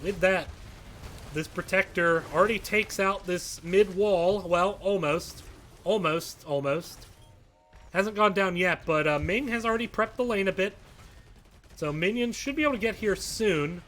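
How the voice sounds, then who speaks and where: A man giving live play-by-play commentary on an esports match, calm between plays and shouting with excitement at big fights. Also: high-pitched, unhurried, a little hiss or hum. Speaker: esports caster.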